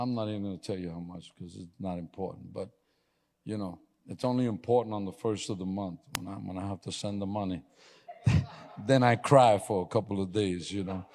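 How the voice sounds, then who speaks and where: A man preaching a sermon, telling personal stories with a laugh and building to loud, emphatic exhortation. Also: on the low side. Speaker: pastor. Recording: long hall reverb.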